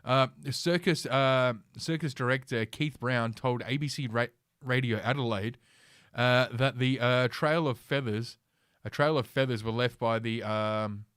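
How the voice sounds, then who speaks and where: A man's voice: medium pitch, unhurried, a bit bright, clear, resonant tone, no room sound, studio quality. A man hosting a casual ranting commentary stream from his computer, reading news aloud with sarcastic, profane asides and lots of fillers. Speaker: host.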